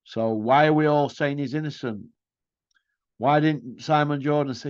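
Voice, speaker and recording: A man's voice: on the high side, normal speed, clean tone, no echo. Combative man ranting. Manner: mocking, combative, full of rhetorical questions. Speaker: boxing commentary host. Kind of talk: ranting opinion monologue. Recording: dull lo-fi dry sound.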